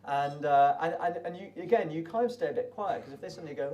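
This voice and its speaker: A British man recalls his race in a loose, chatty ramble, tripping over restarts as he speaks at a brisk clip. His voice is mellow and warm. He sits a little back from the microphone, so he sounds slightly distant. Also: fairly high pitch, animated. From Britain. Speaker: desert race runner. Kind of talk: casual spoken recollection.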